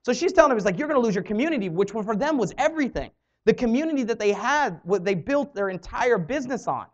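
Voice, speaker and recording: Animated storytelling woman, lively pitch. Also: a little fast. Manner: animated, acts out quoted dialogue. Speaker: network marketing trainer. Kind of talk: motivational storytelling talk. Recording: dull lo-fi audio.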